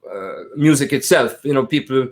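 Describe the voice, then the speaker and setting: An older man from Jamaica with a Jamaican accent, a jazz pianist telling stories of his life as an interview guest, with good humor and slow, drawn-out phrasing. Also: medium pitch, animated. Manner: warm-humored, laughs often, drawn-out phrasing. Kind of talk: storytelling in conversation.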